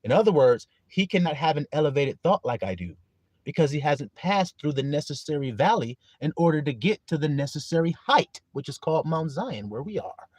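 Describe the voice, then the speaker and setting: A man preaching a live-streamed sermon, his pitch leaping high and dropping low as he rises and falls. He reads scripture aloud, quizzes his listeners and laughs between points. The sound is close and dry, with no room echo. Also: brisk. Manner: animated preaching, greets viewers by name, laughs often.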